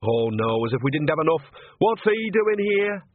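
A man's voice: a little high, big pitch swings, normal speed, voice pushed up. A man voicing a prickly young woman witch who talks in a pointed, sarcastic way. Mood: wry. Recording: tinny phone-like audiobook recording.

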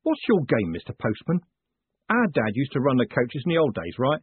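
Man doing a rough, wary coachman. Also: mid-range voice, huge pitch swings, normal speed, dry recording, voice pushed up. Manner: rough working-class, wheedling. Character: big, wary male coachman brother. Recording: phone-like dry audiobook sound.

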